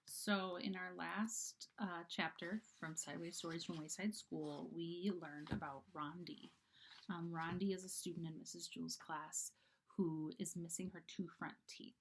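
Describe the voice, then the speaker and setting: A woman's voice: lowish voice, measured pace, slightly rough. A woman casually reading a children's book chapter aloud, chatty, with fillers and asides. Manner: chatty, fillers, animated character voices. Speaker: reader. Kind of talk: casual storybook read-aloud.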